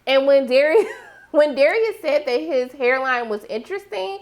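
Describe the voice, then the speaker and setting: A young woman, giving a sassy, animated recap of a TV episode and acting out her reactions. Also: sits high, moderate pace. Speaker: TV recap host. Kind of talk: casual recap commentary.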